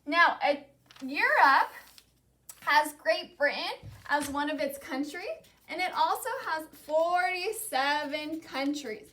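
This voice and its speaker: A woman teaching a class, saying each vocabulary word slowly and having the students repeat it back. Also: sits high, sharp tone. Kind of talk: classroom lesson, call-and-response vocabulary drill.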